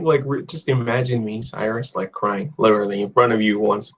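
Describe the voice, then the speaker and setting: This low-quality recording captures a young man with a lowish voice speaking briskly. He's running a live online class on English idioms, chatting away, reading out comments from viewers and trading jokes with them.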